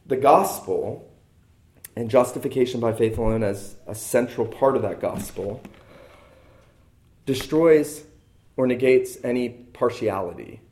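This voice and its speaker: A man's voice: mid-range voice, measured pace, long pauses, darkish tone. A man preaching a sermon as a pastor, emphatic and repeating key lines for stress.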